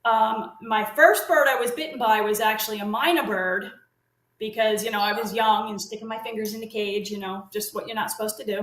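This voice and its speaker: A woman's voice: mid-range voice, a little fast, fairly bright tone, roomy sound, low-quality recording. A middle-aged woman telling long casual stories as an interview guest, rambling with fillers and restarts. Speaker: guest, parrot consultant. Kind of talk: casual storytelling chat.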